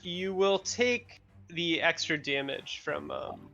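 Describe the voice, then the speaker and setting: Brief: male game master, gravelly, fairly high-pitched, laid-back and halting, faint music behind. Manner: relaxed, halting with many fillers. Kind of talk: narrating a tabletop game.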